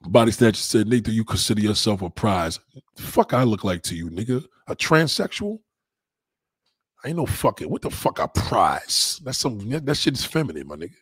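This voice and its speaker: A man hosting a live stream, reading viewer comments aloud and mocking them with loud, heavy-swearing swagger. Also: fairly low pitch, expressive, a little fast, slightly rough, no room sound, clean studio sound. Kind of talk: profane live chat reading.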